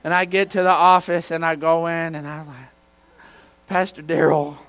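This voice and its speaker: A male pastor preaches to his church, his voice sitting on the high side. He tells homespun stories in a loose, conversational way. Every so often he breaks into a sudden shout. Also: steady tone, brisk, clean tone. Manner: folksy storytelling with bursts of shouting. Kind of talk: sermon.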